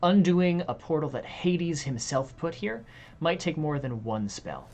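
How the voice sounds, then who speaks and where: A woman game master narrating a tabletop game in a measured, deliberate way with small hesitations. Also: deep voice, sing-song, darkish tone.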